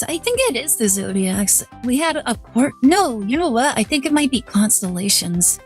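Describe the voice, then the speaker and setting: A woman with a fairly high voice chats on her stream, telling a long anecdote in a loose, rambling way. She talks straight into a desk mic with faint music playing underneath. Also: expressive, normal speed, few pauses, a little mellow. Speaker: VTuber streamer. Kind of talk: casual stream chat.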